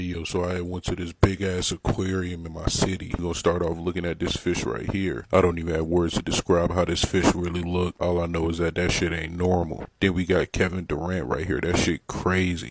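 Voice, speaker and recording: A young man narrating his own zoo and pet store clips in a slangy, profane, joking way, sometimes breaking into loud excited yelling. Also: deep voice, fairly quick, few pauses, noisy background. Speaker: comedic TikTok narrator. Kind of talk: casual comedic voice-over.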